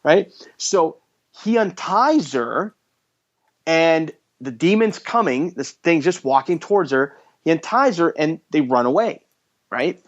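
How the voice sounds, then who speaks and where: A man's voice: fairly high pitch, a little slow. A man hosting a podcast, retelling a horror movie plot in casual chat and acting out the characters' lines. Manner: animated storyteller acting out quoted lines. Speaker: podcast host. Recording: dull lo-fi podcast audio.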